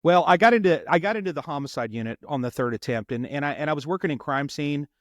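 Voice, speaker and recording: A man's voice: a little high, quick pace, dry recording, clean studio sound. A middle-aged man from Los Angeles, a homicide detective, tells a story in a podcast interview and acts out the lines of the people in it. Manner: animated storyteller who acts out quotes.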